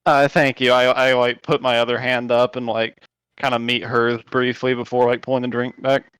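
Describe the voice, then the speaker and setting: Guy playing a tabletop game, smooth clear voice, kinda hesitant, dry close sound. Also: medium pitch, level tone, moderate pace, fairly bright tone, dry recording, rough recording. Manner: hesitant, describes actions step by step. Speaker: player.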